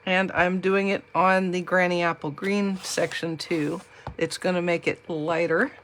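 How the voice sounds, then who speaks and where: Lady doing a live craft demo, lowish voice, chatty and jokey, faint hum behind. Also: fairly even intonation, measured pace, a bit bright. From Southern US. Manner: chatty, jokey, talks to viewers. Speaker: crafting demonstrator. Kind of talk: live card-making demo.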